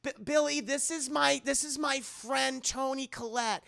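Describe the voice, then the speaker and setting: Man voicing an older medium, grandmotherly and soothing, high, gravelly, slow. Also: fairly even intonation, bright, forceful tone, heavily acted. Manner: coaxing, tender, stammering.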